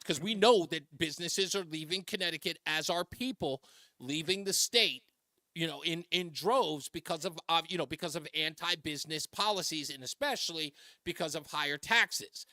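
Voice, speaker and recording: A man's voice: a little high, moderate pace, bright, forceful tone, no echo. A man hosting a talk radio show, joking and emphatic as he takes calls on a studio microphone. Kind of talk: talk radio monologue and call-in.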